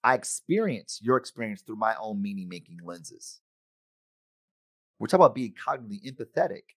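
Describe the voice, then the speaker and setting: A middle-aged man giving a conference keynote, animated and acting out the voices of friends and himself. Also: on the low side, a little fast, dry recording, studio quality. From United States. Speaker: conference speaker. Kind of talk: keynote talk.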